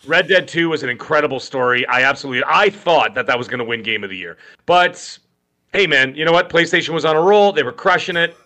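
A man in his thirties co-hosting a casual gaming podcast, animated and joking, telling stories with voiced quotes. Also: a little high, quick pace. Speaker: podcast co-host. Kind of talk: casual chat.

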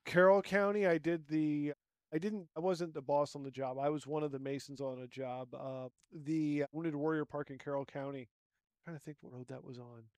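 Earnest stonemason guest, slightly high voice. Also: male voice, fairly even intonation, normal speed, a little mellow, no room sound, clean studio sound. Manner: earnest, rambling, laughs easily. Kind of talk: casual conversational interview.

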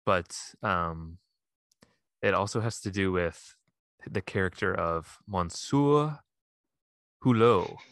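A man with a very deep, low voice talks loosely on a podcast, trailing off into fillers and breaking into laughs. The sound is close and dry, with no room around it. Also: steady tone, slow, pauses often, pushed and bright, dry recording. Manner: laughing often, rambling with fillers. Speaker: podcast co-host. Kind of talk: casual chat.

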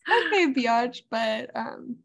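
A woman's voice: on the high side, animated, slow pace. Young woman, podcast co-host, loose chatty storyteller who swears freely. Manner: chatty storyteller, swears, says "like" and "literally" a lot. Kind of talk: casual chat.

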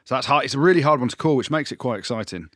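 A man co-hosting a casual sports podcast, chatty and excitable, his voice jumping up when he jokes. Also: racing, no echo, studio quality. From Wales. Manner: excitable, jumps up in pitch when joking. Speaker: podcast co-host, pundit.

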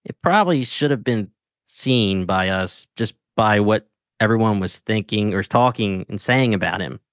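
A man co-hosting a casual talk show about a TV series, animated and slangy, often breaking into laughter as he tells his reactions. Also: lowish voice, normal speed, no room sound. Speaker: podcast co-host. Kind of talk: casual chat.

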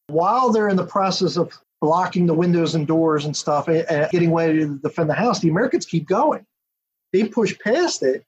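A man, an author and historian, giving a detailed, steady account as a podcast interview guest. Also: on the high side, fairly quick, a little hiss or hum. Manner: detailed, steady storytelling with asides. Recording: dull lo-fi audio.

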